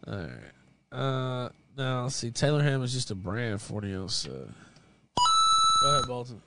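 A man's mid-range voice comes across creaky, pushed, and bright, with a sing-song delivery at a normal speed. He hosts a laid-back livestream where he laughs, curses freely, and reacts opinionatedly to videos and chat.

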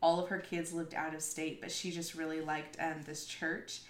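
A woman with a lower voice tells candid stories in a casual chat, laughing as she goes. She is frank and playfully crude. The room has a noticeable echo. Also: level tone, normal speed, slight background noise. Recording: roomy echo.

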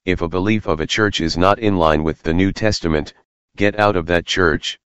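A man's voice: deep voice, normal speed, a bit bright, smooth, dry recording, highs cut off. A man reading a scripted, earnest closing message for a religious podcast.

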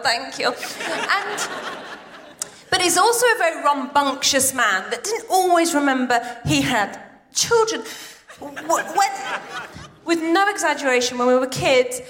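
Casting: high-pitched woman, forties, bubbly stand-up comic working a theatre crowd. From Iran. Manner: excitable, quick asides to the crowd. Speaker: stand-up comedian. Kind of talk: live stand-up set. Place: large theatre stage.

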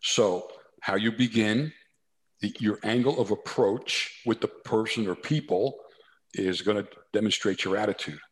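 A man's voice: lowish voice, a little slow. A man from New Jersey, a corporate consultant, telling anecdotes as a guest in a casual interview, with lots of asides and restarts. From New Jersey, USA. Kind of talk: storytelling interview.

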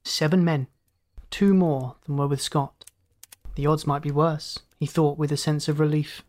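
A man reading a science fiction story aloud in a steady, measured narration that rises in pitch for characters' lines. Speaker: audiobook narrator.

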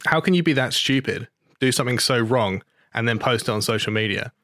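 A man's voice: mid-range voice, a little fast, pushed and bright, no room sound, studio quality. A man, hosting a podcast and ranting in an outraged, sweary, sarcastic way. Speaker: podcast host. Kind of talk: ranting casual podcast talk.

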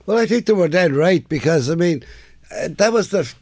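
A man's voice: on the high side, lively intonation, normal speed, a little mellow, no room sound. A man, a former footballer and guest telling earnest, plain-spoken stories in an interview. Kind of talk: interview storytelling.

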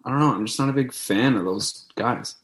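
A man's voice: mid-range voice, brisk, fairly bright tone. A young man from Canada, co-hosting a casual podcast and telling a rambling story with lots of fillers. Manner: laid-back, rambling with many fillers. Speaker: podcast co-host.

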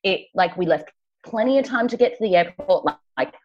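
A woman's voice: medium pitch, animated, brisk, highs cut off. A woman co-hosting a podcast in casual chat, rambling through travel stories and laughing often. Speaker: podcast co-host. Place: travelling, recording remotely.

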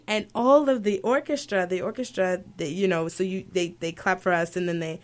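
A woman's voice: lowish voice, normal speed, few pauses. A woman who sings opera, talking as an interview guest and telling stories with emotion. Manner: emotional, animated storytelling with laughter. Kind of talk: conversational interview storytelling.

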